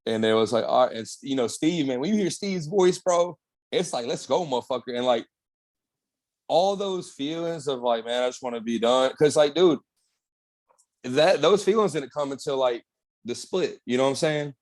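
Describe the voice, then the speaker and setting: A man's voice: medium pitch, animated, moderate pace, darkish tone. A young man, a bodybuilder guest on an interview, telling his story in a laid-back, slangy way with lots of swearing. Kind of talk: casual candid storytelling.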